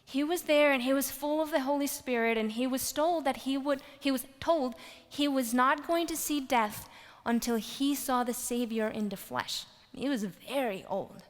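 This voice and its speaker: A female preacher gives a sermon at a moderate pace, her high, bright voice carrying animated stories that swell into loud exclamations and fall to hushed whispers. A long reverb trails her words, as though she stands in a large hall.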